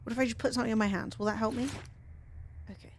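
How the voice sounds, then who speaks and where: Excitable swearing woman streamer. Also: on the high side, very fast, slight background noise. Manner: excitable, swears, talks to herself and to chat. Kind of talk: live gaming commentary.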